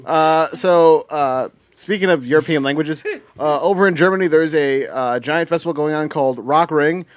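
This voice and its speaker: A man's voice: fairly high pitch, normal speed. A man co-hosting a casual podcast, reading out music news in a rambling way with lots of fillers and swearing.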